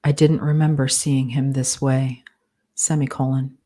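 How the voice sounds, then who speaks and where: This is a woman dictating her fiction live, calling out the punctuation as she speaks. The voice is low and flat, the pace slow and deliberate.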